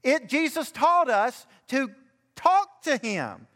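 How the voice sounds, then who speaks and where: An older pastor preaches in a high voice that climbs with fervent emphasis. His words ring out with a long reverb, as if filling a church sanctuary. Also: big pitch swings, takes it slowly, a bit bright. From Alabama. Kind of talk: sermon.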